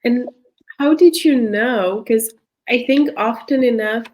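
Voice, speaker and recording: A woman host asking an interview guest gentle, unhurried questions. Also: a little high.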